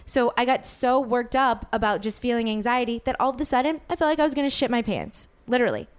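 Her voice is a little high, smooth, and quick as this young woman rambles through a long, lively story for her co-host. Fillers crop up constantly, along with quoted exchanges.

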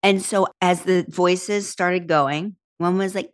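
A woman, chatting as an interview guest and telling animated, laughing stories. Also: on the low side, slow, few pauses. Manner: animated storyteller, acts out voices, laughs often. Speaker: talk show host and author, guest. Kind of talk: casual interview chat.

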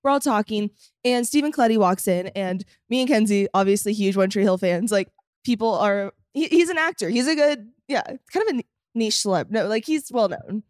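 Young woman telling a lively story. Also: medium pitch, a little fast, dry recording, clean studio sound. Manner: animated storytelling, acts out quotes, laughs often. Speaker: podcast guest. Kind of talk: casual chat.

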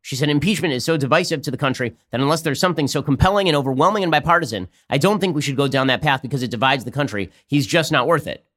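A man's voice: fairly high pitch, rapid-fire, few pauses, fairly bright tone. A man hosting a political commentary podcast, talking in a sarcastic, mocking way. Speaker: podcast host.

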